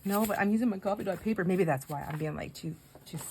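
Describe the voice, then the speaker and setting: A woman's voice: medium pitch, fast talker, background noise. A woman chatting casually while decorating pages, telling a rambling story with asides about her crafting. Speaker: craft vlogger.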